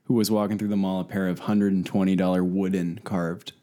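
A man's voice: deep voice, little pitch movement, a little fast, mellow, a little hiss or hum. A young man telling funny stories in casual chat, laughing often and swearing freely.

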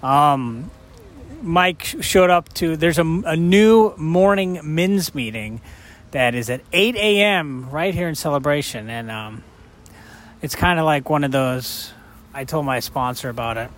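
A man's voice: a little high, a little slow, fairly bright tone. A middle-aged man co-hosting a podcast, telling rambling stories with jokes in a casual chat. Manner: rambling, joking storyteller. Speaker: podcast co-host.

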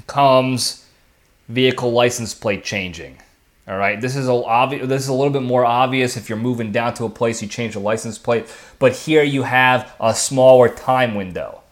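A man's voice: mid-range voice, measured pace. Chatty man giving casual advice. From lives in Texas. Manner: chatty, keeps checking in with okay and all right. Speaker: podcast host. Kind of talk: casual solo monologue.

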